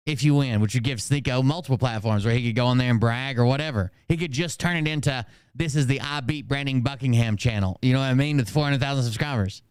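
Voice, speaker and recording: A streamer reacts to clips in a clean, mid-range voice, recorded dry with clean studio sound. He reads quotes aloud, tossing in sarcastic asides and plenty of filler words.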